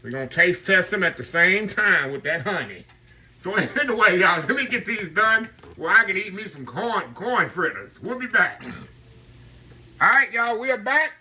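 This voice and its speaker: Middle aged guy cooking in his kitchen, chatty and pumped, bright punchy voice a bit high, keeps saying y'all. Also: moderate pace. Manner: chatty and excited, keeps addressing viewers as y'all. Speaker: home cook and kitchen manager. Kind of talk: casual cooking vlog. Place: home kitchen, indoors. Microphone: camera on a tripod.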